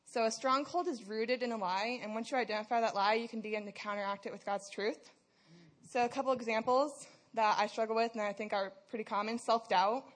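A woman's voice: on the high side, steady tone, a little fast. A young woman, a student leader, giving a candid and conversational testimony at a youth service, often saying "like" as she talks.

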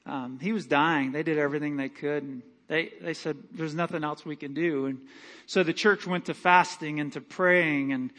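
A middle-aged male pastor preaching a sermon in a folksy, animated way, dropping to quiet asides and rising to loud climaxes. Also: a little high. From Michigan. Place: church sanctuary.

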